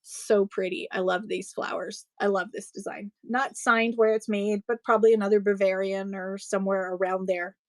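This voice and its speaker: The recording is dry, and the woman speaks in a mid-range voice with flat delivery. She's in her forties, running a live-stream sale where she chats casually, goes off on tangents while showing her items, and laughs quickly.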